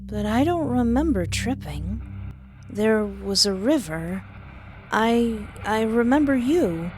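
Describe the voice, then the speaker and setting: A woman narrating a first-person story in a measured, hesitant way, pausing often. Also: on the high side, lively intonation, a little mellow, slight background noise. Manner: slow, measured reading with hesitant pauses.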